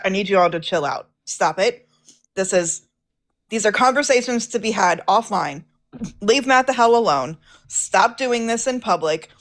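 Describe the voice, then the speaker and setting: Woman caller, fairly high voice, blunt, scolding. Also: fairly bright tone. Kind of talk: blunt call-in talk.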